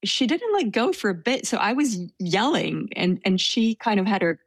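A woman telling a story in casual conversation, soft-spoken and hesitant with many fillers. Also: mid-range voice, sing-song, normal speed, no echo. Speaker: storyteller guest.

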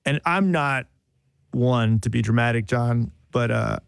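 A man's voice: medium pitch, measured pace, vocal fry, clean tone, no echo, studio quality. Self-mocking man telling a rambling anecdote. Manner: self-deprecating, rambling storytelling with restarts. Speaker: journalist telling a story. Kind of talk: casual podcast anecdote.

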